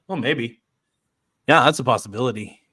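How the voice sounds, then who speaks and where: A man's voice: mid-range voice, moderate pace, sharp tone, husky, dry recording. A man hosting a casual livestream, reading viewer comments aloud and laughing often. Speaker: livestream host.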